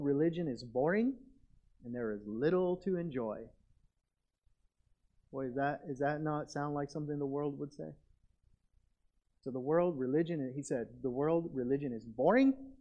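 A man preaching a sermon as pastor, earnest and conversational, with animated asides. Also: a little high. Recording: dull lo-fi recording.

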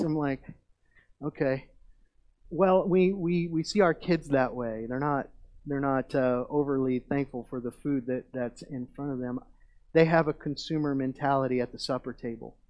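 A man's voice: medium pitch, normal speed, a little mellow. A middle-aged man, a pastor, preaching a sermon in a conversational way that rises to emphatic declarations.

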